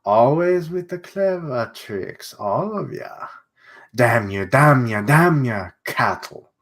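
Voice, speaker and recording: A man's voice: medium pitch, expressive, slow pace. Man doing a snarling villain with mock German accent. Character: sadistic half-dead male villain, menacing. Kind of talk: dramatic reading of a comic.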